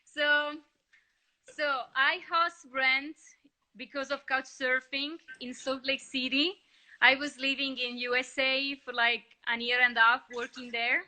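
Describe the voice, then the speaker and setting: A woman from Italy with an Italian accent, chatting as a guest on a video call in friendly, halting English. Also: high voice, level tone, bright, forceful tone, low-quality recording. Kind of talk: casual video-call chat.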